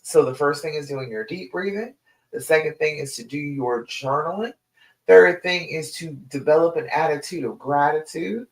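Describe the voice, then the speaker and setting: A woman's voice: low voice, normal speed. Emphatic woman coach in an echoey room. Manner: direct and emphatic, calls listeners "honey". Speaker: relationship coach. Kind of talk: live stream coaching talk.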